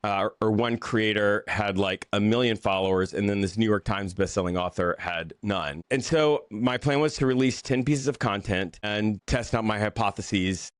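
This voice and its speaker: Pastor guy chatting about his life, lowish voice, keeps restarting, dry close mic. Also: no room sound. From Southern United States. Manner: halting, restarts and repeated words. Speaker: pastor and author. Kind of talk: casual interview chat.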